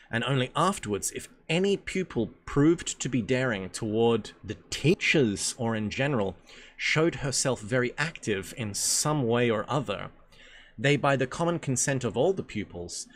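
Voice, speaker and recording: A man's voice: mid-range voice, slight background noise. A man leading a reading group on a stream, reading a book aloud, stumbling over words and breaking off for casual, joking asides.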